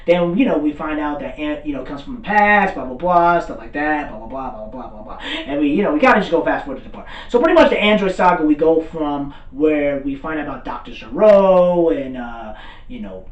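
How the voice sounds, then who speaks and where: A man in a casual, excitable recap rant about an anime, rambling, swearing and filling gaps with "blah, blah". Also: on the high side, fairly quick, dull audio. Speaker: anime commentator. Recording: roomy, far from mic.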